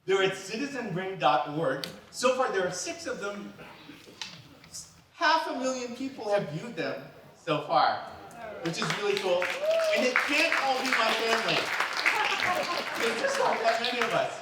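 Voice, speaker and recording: A man from New York performing a comic storytelling monologue in an animated, playful way, acting out the people in his stories. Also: high voice, measured pace, pauses often, a crowd in the background, noisy background. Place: event hall. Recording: echoey hall, distant mic.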